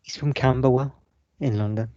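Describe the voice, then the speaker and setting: A man's voice: medium pitch, fairly even intonation, moderate pace, mellow, no room sound, highs cut off. A man co-hosting a football podcast, chatting casually and throwing in teasing, joking asides. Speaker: podcast co-host.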